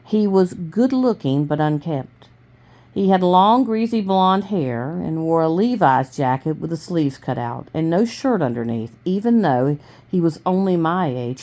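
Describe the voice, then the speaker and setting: A woman with a very low voice reads a novel aloud in a dark room at home. She stumbles and corrects herself often. She keeps the characters' voices close to her own. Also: animated, normal speed. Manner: unpolished reading with restarts and self-corrections; low-key, mostly plain voice for the characters. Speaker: reader of a novel. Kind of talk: reading a book aloud at home.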